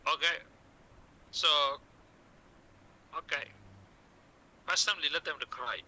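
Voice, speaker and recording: In this classroom lecture, a medical communication teacher coaches students on delivering bad news to patients, using brief phrases, saying "okay" over and over, and performing the doctor's part. His voice is slightly high, pushed and bright, and he speaks slowly. The recording quality is rough.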